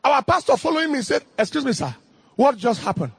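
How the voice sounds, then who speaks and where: A middle-aged man preaching a fervent sermon in King James cadence, rising into shouted bursts. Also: very high-pitched, sing-song, fairly quick, creaky, breathy edge, no room sound.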